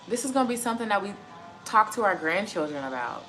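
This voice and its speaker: A woman's voice: mid-range voice, very animated, fast, fairly bright tone, faint music behind. A woman in her twenties, a tarot reader chatting live to her viewers in a casual, profane, heated rant. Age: 20s. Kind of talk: casual livestream chat.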